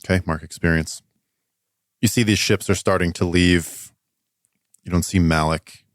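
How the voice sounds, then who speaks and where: Man, game master, deep voice, flat, halting descriptions, dry sound. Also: no echo. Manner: hesitant descriptive narration with many fillers. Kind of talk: narrating a tabletop game.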